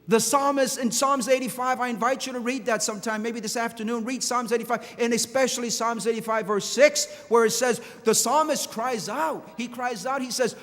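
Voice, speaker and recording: A man's voice: very high-pitched, steady tone, brisk, hardly any pauses, fairly bright tone. A male pastor preaching a passionate sermon with repeated phrases and restarts. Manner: impassioned preaching with repetitions and restarts. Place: large church hall. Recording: long church hall reverb.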